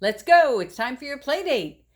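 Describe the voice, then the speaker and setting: A woman's voice: high-pitched, very animated, measured pace, sharp tone, pitched above the performer's own voice, full character voice. A woman voicing a stern, impatient father frog who scolds, in a storybook read-aloud. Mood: scolding.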